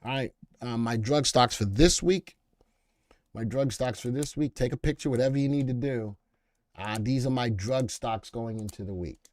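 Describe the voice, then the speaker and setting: A man's voice: medium pitch, moderate pace, darkish tone, no room sound. A man with a Boston accent hosting a live stock market stream, rambling, repeating himself and answering viewer chat as he goes. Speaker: stock market show host.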